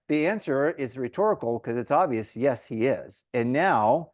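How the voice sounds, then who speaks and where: A man's voice: medium pitch, expressive, normal speed, dry recording, studio quality. Casual man teaching a Bible study. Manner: informal, acts out crowd voices in quotes.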